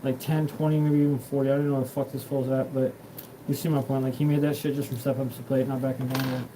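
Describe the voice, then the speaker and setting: A man's voice: medium pitch, level tone, fast talker, warm tone, slight background noise, rough recording. A man hosting his own show, talking in a rambling, profane monologue that jumps from topic to topic. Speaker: show host.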